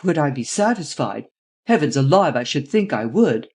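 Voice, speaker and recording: A reader doing a blustering male statesman in an audiobook, clipped and exclamatory, pushing hard for fast action. His voice sits at an ordinary middle pitch. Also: big pitch swings, a little mellow, slightly rough. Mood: impatient. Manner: brisk, exclamatory, pushes for quick results. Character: impatient male head of government, blustering.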